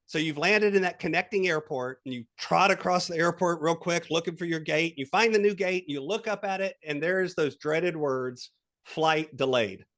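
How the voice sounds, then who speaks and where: Speaking a little high at a normal speed with few pauses, this man appears as a guest coach on a podcast. He leads the listener through an exercise, telling it animatedly and voicing quotes.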